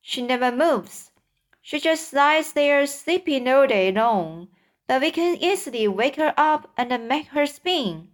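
A woman voicing an old male grasshopper, lively and persuasive, in a storybook reading. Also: sits high, slow, pitched above the performer's own voice. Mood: eager. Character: old green male grasshopper, wise, sharp.

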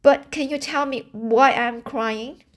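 A woman's voice: a little high, unhurried, close to an everyday voice. A woman reading aloud and voicing an eager, emotional orphan girl in a raised, imploring voice. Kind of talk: amateur audiobook reading.

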